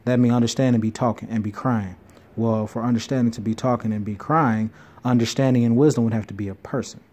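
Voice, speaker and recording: A man in an informal bible teaching video, reading scripture slowly and deliberately before breaking into eager explanation. He corrects himself often and throws in quick asides. His voice sits at an ordinary middle pitch for a man. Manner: reads verses slowly then explains them excitedly, with asides and self-corrections.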